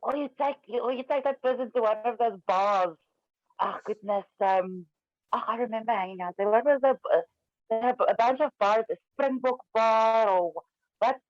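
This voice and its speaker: A woman's voice: a little high, moderate pace, no echo, dull audio. Chatty South African woman, American-tinged accent. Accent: South African with American influence. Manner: laughs often, chatty and animated. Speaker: guest. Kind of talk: casual chat.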